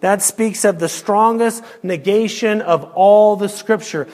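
A man preaching an expository sermon, emphatic, firing rhetorical questions and dropping to a near hush. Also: sits high, steady tone, normal speed, few pauses, long reverb tail.

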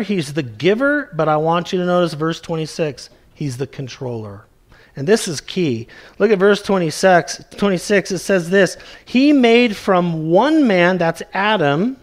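A male pastor preaching a sermon, slowly and emphatically, stretching out key words for weight. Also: high-pitched.

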